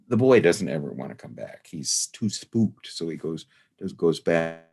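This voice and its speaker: A man's voice: low-pitched, very animated, moderate pace, gravelly, darkish tone, slightly rough. A man leading a study group online, telling anecdotes in a meandering, casual lecture full of "you know" and "uh".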